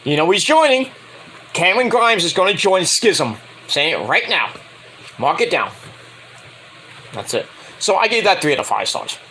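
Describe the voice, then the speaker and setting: A man giving a rambling, casual spoken review of a wrestling show, excitable and swearing freely. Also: high-pitched, moderate pace, pauses often, slight background noise, rough recording.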